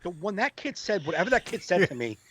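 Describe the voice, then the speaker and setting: A man, a comedian hosting a podcast, telling a profane, animated story in casual banter. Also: high voice, fast talker, over a noisy crowd. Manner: animated storyteller, profane, acts out quoted voices.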